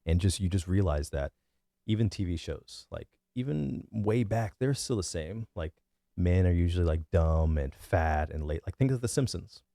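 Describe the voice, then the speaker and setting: A man in his thirties with a deep bass voice, giving his opinions in a casual, rambling monologue full of fillers and restarts. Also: lively intonation, moderate pace, creaky, dark tone, no echo, clean studio sound. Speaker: vlogger.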